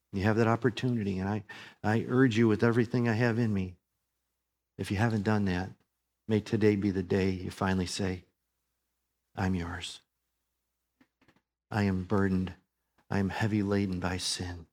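A man, a pastor, preaching a sermon in a church, building to emphatic peaks and dropping to a soft prayer. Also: on the low side. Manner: rising to emphatic preaching, then praying softly.

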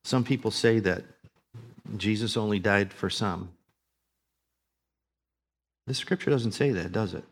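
A man in his fifties preaching a sermon as pastor, swinging between loud, emphatic declarations and quiet, low asides. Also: measured pace, long pauses.

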